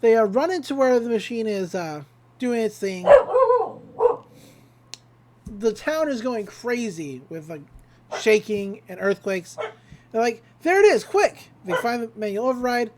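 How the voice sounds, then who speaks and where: A woman's voice: on the high side, animated, measured pace, pauses often, heavy background noise. A woman recapping a cartoon episode in a casual, chatty, enthusiastic way. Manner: chatty and enthusiastic, with frequent fillers. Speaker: podcast host recapping an episode.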